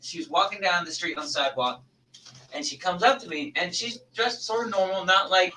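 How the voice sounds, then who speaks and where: High bright man who laughs a lot. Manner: laughs often, quick asides. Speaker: co-host. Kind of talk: casual chat. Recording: distant mic with faint noise.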